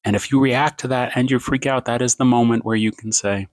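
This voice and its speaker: A man ranting to his phone camera at home late at night, rambling and self-mocking, swinging his pace and pitch for emphasis. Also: fairly even intonation, brisk, hardly any pauses, no echo. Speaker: TikTok creator.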